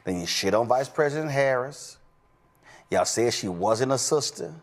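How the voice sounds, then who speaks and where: A man at an ordinary pitch, heard in a clip played on the show. He scolds his listeners in a blunt, accusatory tone, listing their faults one after another. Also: lively intonation, moderate pace.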